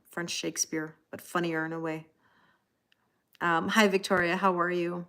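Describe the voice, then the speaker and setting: A woman's voice: lowish voice, little pitch movement, normal speed, pauses often, sharp tone. A woman in her forties, chatty and laughing often, greeting viewers by name as she reads tarot cards on a live stream. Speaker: tarot reader. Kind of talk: casual live-stream card reading.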